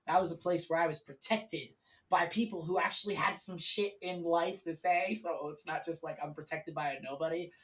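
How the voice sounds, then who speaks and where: A man's voice: a little high, steady tone, normal speed, a bit bright, distant mic, rough recording. A man speaking as a guest on a live stream, telling his story in a candid, rambling way with plenty of swearing.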